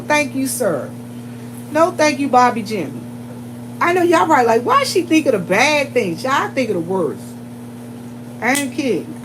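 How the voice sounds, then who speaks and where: A woman with a Southern US accent, chatting to her viewers in an animated, storytelling way and laughing often. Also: on the high side, noisy background. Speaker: vlogger.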